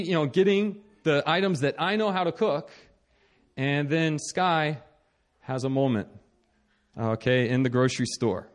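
A young man with a slightly higher voice tells a personal story about married life. He pokes fun at himself, stumbles over his words and restarts a lot, and keeps the telling lively. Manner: animated, self-mocking, many restarts and laughs. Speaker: speaker sharing a marriage story.

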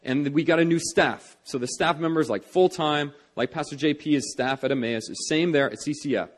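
A man's voice: fairly high pitch, moderate pace. A young adult man preaching a sermon in an earnest, conversational way, with many fillers and restarts as he tells a personal story. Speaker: pastor.

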